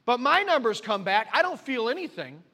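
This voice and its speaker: A man preaching, a pastor telling a personal testimony with animated storytelling, acting out his own conversations. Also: extremely high pitch, moderate pace. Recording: long reverb of a church hall.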